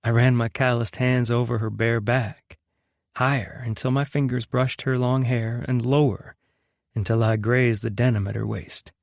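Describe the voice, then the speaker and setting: A young man narrating a romance audiobook in the first person, in a soft, unhurried, intimate way. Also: medium pitch, fairly even intonation, gravelly, no echo, studio quality.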